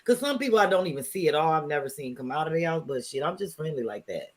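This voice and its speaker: A middle-aged woman with a St. Louis accent tells stories in a relaxed interview. Her voice sits low for a woman. She acts out the people she quotes. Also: fast. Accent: St. Louis, Missouri. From St. Louis, Missouri. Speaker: guest, comedian. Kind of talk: casual interview chat.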